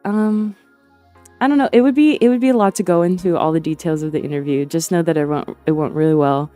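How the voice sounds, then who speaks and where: A young woman streamer chats casually on a livestream, rambling and hesitant, with many fillers and restarts and frequent laughter. She talks fast in a low-ish, dark-toned voice over soft background music.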